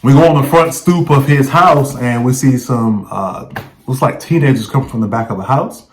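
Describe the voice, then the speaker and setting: A man's voice: mid-range voice, normal speed, a little hiss or hum, rough recording. A man vlogging, recounting a story in a casual, conversational way and often checking in with the viewer. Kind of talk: casual first-person storytelling.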